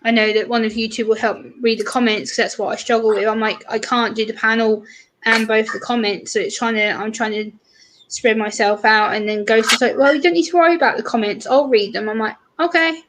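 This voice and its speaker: A British woman hosting a livestream chats casually with her viewers, acting out brief exchanges and voicing what others said in quick, bright tones. Her voice sits on the high side with fairly even intonation, and the background is noisy.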